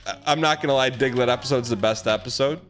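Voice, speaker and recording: A man in his thirties, a streamer telling a rambling, animated story in casual chat with comic exaggeration. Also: mid-range voice, quick pace, faint music behind.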